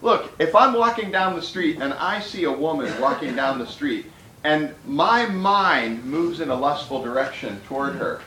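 A man's voice: a little high, animated, moderate pace, bright, forceful tone, roomy sound, slight background noise, rough recording. A man preaching a sermon to a room of pastors, emphatic and conversational, with repeated words for stress.

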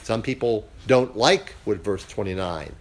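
Halting man leading a Bible class. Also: fairly low pitch, expressive. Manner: halting, full of uh fillers. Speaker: Bible study leader. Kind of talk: casual Bible class teaching.

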